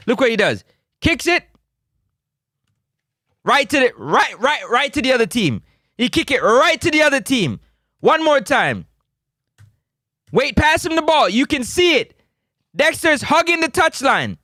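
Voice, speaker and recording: High-voiced, exasperated man. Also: very animated, unhurried, long pauses, sharp tone, no room sound, clean studio sound. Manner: exasperated, pleading, repeats himself. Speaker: football review host. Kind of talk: match replay commentary.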